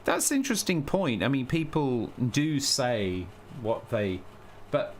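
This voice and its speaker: A man's voice: medium pitch, wildly swooping pitch, unhurried, slight background noise. A man talking casually on a live stream, thinking aloud with many restarts and blunt opinions. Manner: thinks aloud, frequent restarts and self-corrections.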